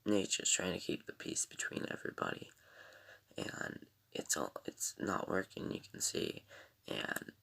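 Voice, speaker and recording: Rambling guy reviewing a tv ep, lots of ums and sighs, husky gravelly voice. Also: low-pitched, huge pitch swings, unhurried, bright, forceful tone. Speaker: TV episode reviewer. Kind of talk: casual review chat.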